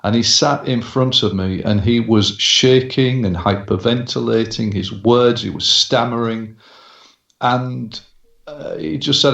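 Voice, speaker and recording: A man talking with a gravelly, creaky edge, in a measured way with frequent pauses and fillers. He is a hypnotherapist speaking as a guest. The sound is roomy and dull, like a lo-fi line. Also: mid-range voice, fairly bright tone. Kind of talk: interview storytelling.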